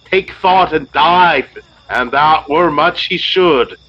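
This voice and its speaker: A man playing a noble, brooding Roman conspirator in an audio drama, speaking slowly and deliberately. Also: mid-range voice. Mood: grave. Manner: slow, deliberate. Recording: dull lo-fi sound.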